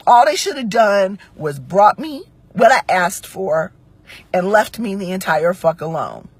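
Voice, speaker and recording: A woman's voice: medium pitch, expressive, measured pace, breathy edge, no echo. A woman in her forties telling a story in a blunt, profane, emphatic monologue to camera. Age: 40s.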